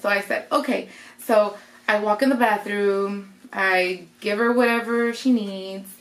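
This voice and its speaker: A young woman casually telling a personal story, acting out what people said along the way. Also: medium pitch. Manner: chatty, retelling with quoted voices. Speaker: vlogger. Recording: roomy echo.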